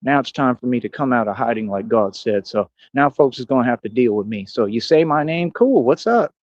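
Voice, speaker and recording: A man's voice: medium pitch, no room sound, muffled recording. A man streaming a rambling monologue, boastful and confrontational, full of street slang and tough talk. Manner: coos softly at a cat.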